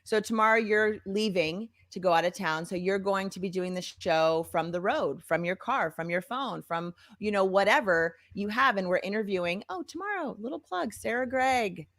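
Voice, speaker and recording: Woman co-host, middle pitch, upbeat and animated, acts out quotes. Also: moderate pace, hardly any pauses. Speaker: podcast co-host. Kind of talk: casual encouraging chat.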